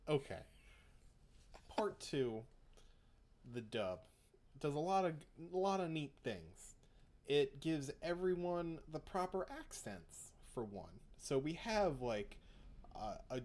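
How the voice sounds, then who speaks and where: A young man talks in a loose, rambling way as a podcast co-host. His pitch swings widely. He laughs easily and keeps the chat casual. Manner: animated, rambling, laughs often.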